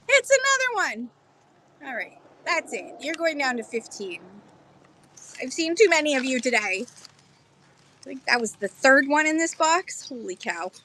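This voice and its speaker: A woman running a lively live-stream pottery auction outdoors in a park, chatty and excitable, explaining pieces between bids. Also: high-pitched, a little slow, low-quality recording. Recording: faint outdoor background noise.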